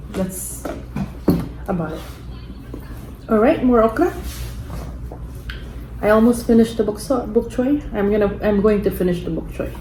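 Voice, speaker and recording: A woman from the Philippines hosting a family mukbang vlog, chatting slowly and coaxing her child. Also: medium pitch, dark tone. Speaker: vlogger mother hosting a mukbang. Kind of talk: casual family vlog chat. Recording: echoey room with faint background hum.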